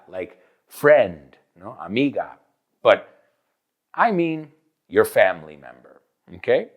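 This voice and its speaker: With a mid-range voice and a Northeastern US accent, a male host and English teacher leads a lively, playful English lesson. He alternates between Spanish and English and speaks like an announcer.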